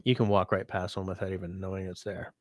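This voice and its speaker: Man, host reading viewer comments, rambling, sick, lowish voice. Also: fast talker, no echo, clean studio sound. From Canada. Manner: rambling, relaxed, reads viewer comments aloud. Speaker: livestream host. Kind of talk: casual livestream chat.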